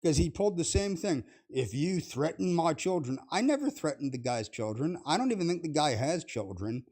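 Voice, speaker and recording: A man's voice: a little high, lively intonation, normal speed, darkish tone. A man in a clip from a vlog, ranting indignantly and defensively.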